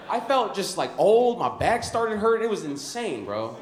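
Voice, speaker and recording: A young man from Chicago doing a stand-up comedy set on a club stage, animated, laughing at his own lines and calling people "bro" and "dude.". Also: high-pitched, moderate pace, few pauses. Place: comedy club stage before a live audience. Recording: roomy club sound.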